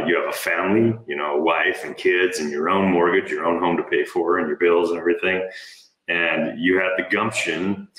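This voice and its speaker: A man hosting a casual interview podcast, relaxed and admiring, with many fillers. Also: sits low, reverberant, poor audio. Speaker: podcast host.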